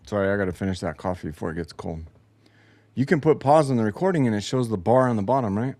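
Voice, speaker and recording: A man with a lowish, darkish voice speaks expressively and at a quick pace, with no echo in the recording. He's a podcast host running a casual solo show from his home basement, telling a profane, exasperated story about a game recording that broke.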